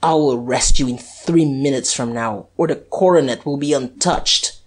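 A woman's voice: rumbling low, fairly even intonation, a little slow, breathy edge, heavily acted. A woman reading a rattled, snarling detective. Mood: defiant. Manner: snarling, stammering, defiant. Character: desperate, rattled male police detective.

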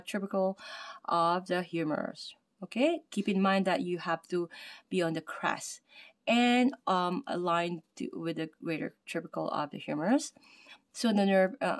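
A woman presenting an anatomy lesson over slides, reading her notes aloud with many fillers and slowing down to spell out terms. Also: mid-range voice.

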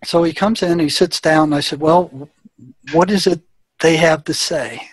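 Husky-voiced man telling a story. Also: a little high, fairly even intonation, normal speed, no room sound. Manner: plain-spoken, acts out quoted dialogue. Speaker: guest, former prison therapist. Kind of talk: anecdotal storytelling in conversation.

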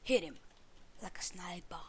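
A woman giving casual gameplay commentary for her channel, excitable and swearing, yelling to a teammate. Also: lowish voice, moderate pace, breathy edge. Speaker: gaming channel host.

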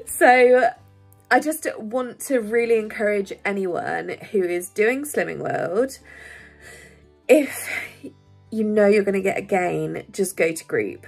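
A woman's voice: mid-range voice, husky. A woman vlogging candidly, chatty and rambling, laughing often and easily moved. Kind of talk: candid personal vlog.

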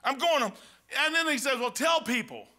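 A pastor giving a folksy, animated sermon, peppered with "man" and changes in loudness. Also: extremely high pitch, moderate pace.

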